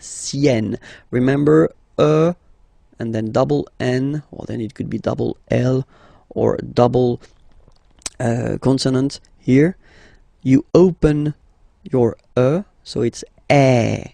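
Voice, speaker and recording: A man teaches a language lesson at an unhurried pace, stretching each example word and checking in often. His voice is mellow and gravelly with some fry. The recording is dry and close, with no room around it. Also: medium pitch, no echo. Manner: patient, drawn-out example words, repeats "okay?". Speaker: French teacher. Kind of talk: language lesson explaining pronunciation.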